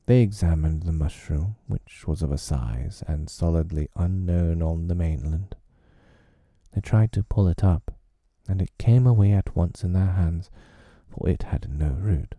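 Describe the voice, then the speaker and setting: A man narrating a storybook in a measured, deliberate reading. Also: low voice, mellow, husky, dry recording, studio quality.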